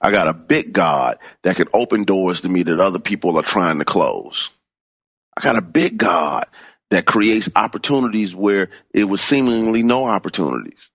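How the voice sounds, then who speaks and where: A man teaching in a sermon style, stressing key words by swooping up in pitch and repeating phrases. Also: a bit bright, no room sound, dull audio. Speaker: minister teaching from a book.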